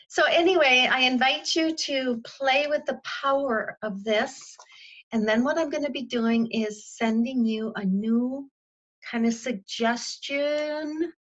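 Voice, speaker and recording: Woman spiritual coach on a group call, higher-pitched, eager and repetitive, muffled call audio. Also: fairly bright tone. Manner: enthusiastic, repetitive, playful exclamations. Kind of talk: guided spiritual coaching talk.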